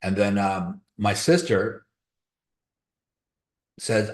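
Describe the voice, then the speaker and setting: A man's voice: lowish voice, animated, slow, pauses often, reverberant. A man hosting a crypto trading webinar, giving blunt, motivational advice in casual live-stream talk. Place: room on a video call.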